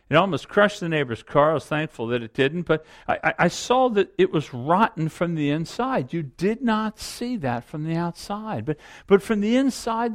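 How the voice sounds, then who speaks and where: A middle-aged male pastor preaching a sermon, earnest and reflective, often repeating a phrase for emphasis. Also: fairly high pitch.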